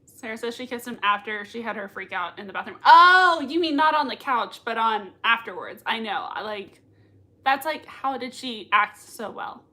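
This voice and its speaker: A woman hosting a live watch-party reaction, gushing excitedly, laughing often and reading out chat comments. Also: fairly high pitch, moderate pace. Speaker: livestream reaction host.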